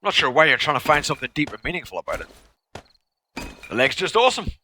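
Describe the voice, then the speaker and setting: A man chatting on a game stream in a bright, bouncy voice that leaps up and down in pitch. He rambles goofily and trips over tongue twisters, with a faint hiss and insect chirps behind him. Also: big pitch swings, fast talker. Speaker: gaming streamer. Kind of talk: playful live-stream chatter.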